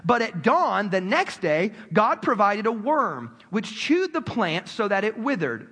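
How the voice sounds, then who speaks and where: Bright-voiced animated male preacher. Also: sits high, a little slow, husky. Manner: animated, calls on the congregation to respond. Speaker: pastor. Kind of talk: sermon. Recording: long hall reverb.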